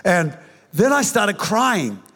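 High-voiced older preacher in a hall. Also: male voice, slow pace. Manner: animated, joking storyteller, frequent restarts. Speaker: pastor. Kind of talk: sermon with personal testimony. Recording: reverberant hall.

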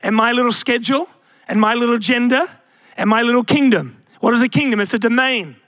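A man's voice: very high voice, brisk, fairly bright tone, dry recording, studio quality. A young man preaching a sermon as pastor, asking the congregation rhetorical questions and calling out to them.

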